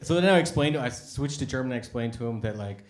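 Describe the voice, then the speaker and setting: A man's voice: medium pitch, lively intonation, fast, roomy sound. An American man performing stand-up comedy, telling stories in a conversational way and acting out the voices of people in them. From United States. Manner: conversational storytelling with acted-out voices. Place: café stage with a live audience. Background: audience laughter.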